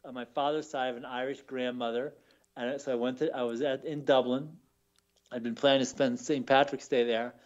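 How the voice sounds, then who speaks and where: On the radio, a book author from Baltimore recounts stories in a relaxed interview, peppering them with fillers and repetitions. He speaks a little fast in a mid-range, fairly even voice, captured with lo-fi sound.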